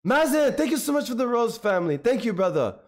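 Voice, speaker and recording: A hoarse young man streaming a game live, chatting excitably and slangily with his viewers. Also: extremely high pitch, fast, music in the background. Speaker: gaming streamer. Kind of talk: live gameplay commentary. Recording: noisy stream audio with clicks.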